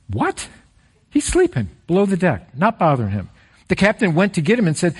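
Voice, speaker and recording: A middle-aged man preaching a sermon as pastor, earnest and animated, with direct appeals to the listeners. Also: high voice, fairly quick, breathy edge.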